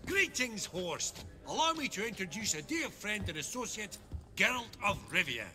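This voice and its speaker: A man's voice: high-pitched, sing-song, normal speed, sharp tone, faint music behind, exaggerated voice. An actor voicing a jovial male banker in a video game who talks in a chummy, eager way.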